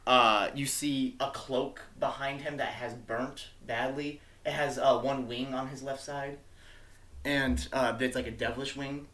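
A man's voice: medium pitch, sharp tone. Male game master, casual narration with fillers and the odd curse. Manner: casual, swearing, filler-heavy.

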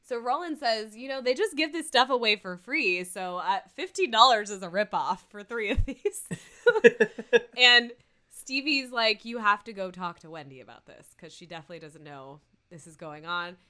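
A woman's voice: medium pitch, animated, normal speed, bright, forceful tone. A woman chatting casually as a podcast co-host, recapping a TV episode, laughing often and acting out the characters' lines.

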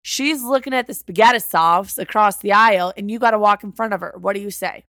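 A woman's voice: medium pitch, a little fast, a bit bright, no echo, clean studio sound. A woman from Wisconsin co-hosting a casual chat, teasing and acting out goofy little voices. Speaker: podcast co-host.

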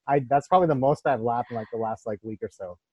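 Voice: medium pitch, quick pace, darkish tone, no room sound. Enthusiastic interview host, dry sound. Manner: enthusiastic, laughs easily. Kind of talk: casual interview chat.

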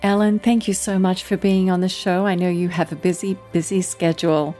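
Australian woman host, low voice. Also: flat delivery, fairly quick, dark tone, soft background music. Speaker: podcast host. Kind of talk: interview and scripted outro.

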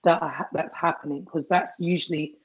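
An emotional healing coach, a woman, giving advice in a measured, coaching tone. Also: low voice, steady tone, breathy edge, dull audio. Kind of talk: guest advice on a talk show.

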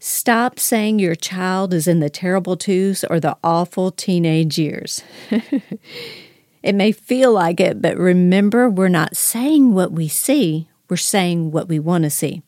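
A woman's voice: lowish voice, slow pace, a little mellow, dry recording. Lady, upbeat faith talk, emphatic, dry close mic. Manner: upbeat, emphatic, leads listeners in declarations. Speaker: podcast host.

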